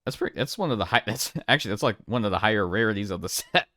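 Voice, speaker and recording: A man casually talking through a card pack unboxing, relaxed and chatty, thinking aloud as he goes. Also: on the low side, very fast, no echo, clean studio sound. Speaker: card collector streamer.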